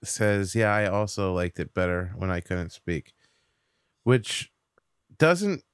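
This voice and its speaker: Low, smooth-voiced man musing on a podcast. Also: animated, slow, no echo, clean studio sound. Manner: reflective, rambling with fillers. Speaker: podcast guest, stand-up comic. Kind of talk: casual podcast discussion.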